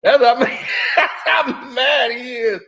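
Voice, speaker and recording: High-pitched man, streamer, casual slangy chat, laughs a lot, animated. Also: slow, vocal fry, shouting. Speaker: live stream host.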